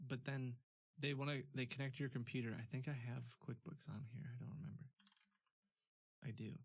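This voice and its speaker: A man's voice: mid-range voice, steady tone, fairly quick, creaky, no room sound. A man hosting a stream, chatting casually, laughing often, with many fillers. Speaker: streamer host. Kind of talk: casual chat.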